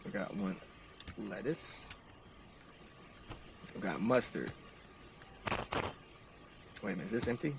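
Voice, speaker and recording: A man's voice: fairly low pitch, sing-song, slow pace, pauses often, far from the mic, noisy background. Upbeat man streaming a game. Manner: upbeat, narrates each step and talks to chat. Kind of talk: casual game commentary.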